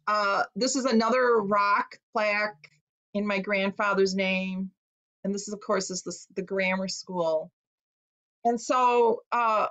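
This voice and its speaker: A woman from Chicago, an author giving a talk, recounting a personal story in an earnest, emotional way with hesitant pauses. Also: medium pitch, fairly bright tone, dull audio. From Chicago, USA.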